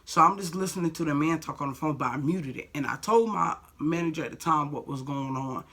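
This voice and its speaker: A woman's voice: deep voice, brisk, fairly bright tone. A young woman vlogger telling a personal story in a blunt, heated way, full of "like" and swearing. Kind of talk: storytime vlog.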